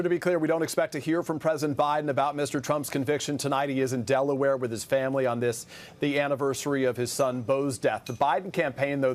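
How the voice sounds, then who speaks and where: A man's voice: mid-range voice, darkish tone. Male political correspondent giving a report. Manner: crisp reporting, slows down to read quotes. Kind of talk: broadcast news report.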